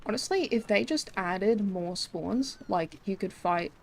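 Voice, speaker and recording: A woman's voice: medium pitch, measured pace, creaky, slight background noise. A young Australian woman streaming a game, chatting casually with many fillers and frequent swearing. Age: young adult. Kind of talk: casual live-stream chat.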